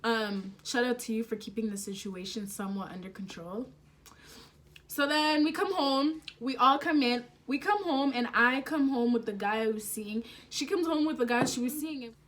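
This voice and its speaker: A young woman telling a story to the camera at home, animated and casual, swearing freely and using slang. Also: a little high, normal speed. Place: home, indoors.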